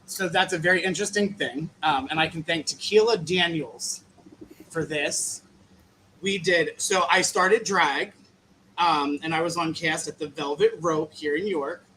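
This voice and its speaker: A woman's voice: sits low, a little slow, a bit bright, poor audio. A guest drag artist chatting casually, rambling and easily distracted, calling people "honey" and "girl". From Maryland. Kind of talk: casual chat. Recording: faint background noise.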